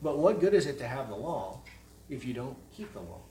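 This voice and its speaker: A man preaching an expository sermon, forceful and emphatic, firing off rhetorical questions. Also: mid-range voice, sing-song, a little fast, a little hiss or hum. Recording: echoey room, mic at a distance.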